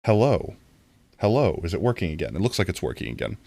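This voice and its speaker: A man's voice: low voice, fast, creaky, no echo, studio quality. A man streaming a video game live, chatting casually with his viewers and breaking into mock-dramatic outbursts. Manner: animated, talks to chat, mock-dramatic outbursts.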